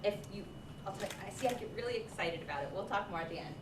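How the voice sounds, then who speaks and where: A woman leads a workshop for early childhood teachers, encouraging and lively, with plenty of ums. She sits at a middle pitch. She is picked up from a distance in an echoey, noisy room. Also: very fast. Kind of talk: leading a hands-on teacher workshop. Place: large room with a group.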